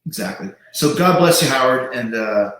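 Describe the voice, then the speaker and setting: A man's voice: medium pitch, animated, normal speed, a bit bright. A man hosting a show, talking in a casual, emphatic monologue with some swearing and repeated words. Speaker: show host. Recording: very echoey room.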